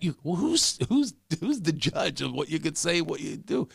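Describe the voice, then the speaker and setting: A man's voice: a little high, very animated, normal speed, vocal fry, breathy edge, dry recording, clean studio sound. A man who is a comedian guest, ranting animatedly and repeating words when fired up. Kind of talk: animated podcast conversation.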